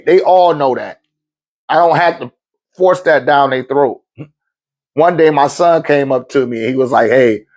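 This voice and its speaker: A man's voice: medium pitch, a little mellow. A middle-aged man, giving blunt, profane life advice in a casual monologue and laughing often.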